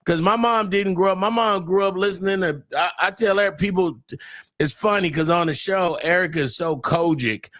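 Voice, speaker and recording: A middle-aged man, a comedian guest, talking loud and animated, laughing through his stories. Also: sits high, normal speed, dry recording, clean studio sound. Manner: loud, talks over his own laughs, Southern Black church slang. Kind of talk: animated podcast chat.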